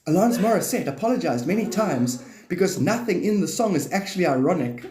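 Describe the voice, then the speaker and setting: A man's voice: sits high, expressive, brisk, darkish tone, roomy sound. Rambling, laughing live-stream man.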